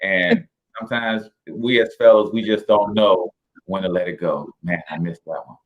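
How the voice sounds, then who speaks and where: A man's voice: deep voice, steady tone, normal speed, phone-quality sound. A man with a St. Louis accent hosting a casual chat, teasing and joking with lots of fillers. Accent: St. Louis, Midwestern US. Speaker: host.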